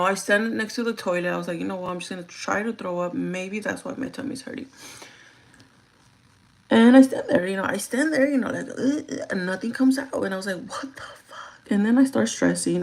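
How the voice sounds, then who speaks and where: Chatty, cursing woman with a gravelly edge. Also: mid-range voice, a little fast, rough recording. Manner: chatty, profane, animated retelling. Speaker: livestreaming beauty vlogger. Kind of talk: casual storytelling while doing makeup.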